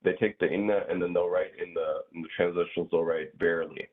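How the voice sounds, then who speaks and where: A man with a very low voice gives a relaxed class explanation, hedging and restarting as he goes. His voice is husky and comes through a thin, tinny call line. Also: fast. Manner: hesitant, many fillers and restarts. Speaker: grammar teacher. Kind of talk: casual online class explanation.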